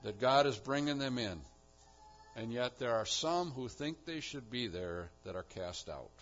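Male pastor, mid-pitched, preaching with big swings from soft to emphatic, dull lo-fi capture. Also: expressive, a little slow, faint music behind. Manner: swings from quiet asides to loud emphatic peaks. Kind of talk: sermon. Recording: dull lo-fi sound.

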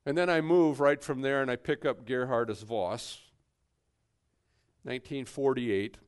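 Male preacher, sermon, emphatic, unhurried, smooth clear voice. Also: medium pitch. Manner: emphatic, swings from hushed to forceful.

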